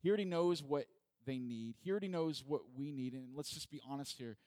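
Male pastor, middle pitch, dry close sound; conversational sermon heavy on rhetorical questions. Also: a little fast, a little mellow, no echo.

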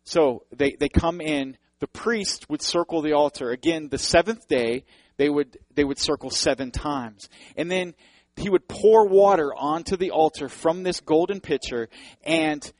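Male pastor, higher-pitched voice, earnest and fervent, addresses congregation directly; dry, close recording. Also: measured pace, a little mellow, no room sound, low-quality recording. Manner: earnest, building to fervent emphasis. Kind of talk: sermon.

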